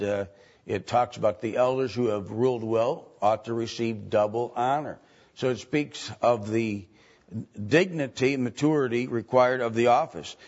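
A man teaching from the Bible in a slow, halting way, with many ums and restarts. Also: mid-range voice. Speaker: preacher. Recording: dull lo-fi recording.

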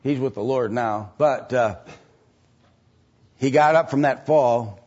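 A male preacher telling a story in his sermon, rambling with many fillers and restarts. His voice is husky. The lo-fi recording sounds dull. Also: medium pitch, slow pace, darkish tone.

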